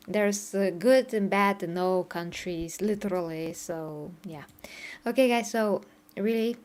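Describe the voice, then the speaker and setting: Woman, casual stream chat, frequent laughs, replies to chat, middle pitch. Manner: chatty, laughs often, answers chat messages. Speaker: streamer reacting to game trailers. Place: home streaming setup in Bulgaria.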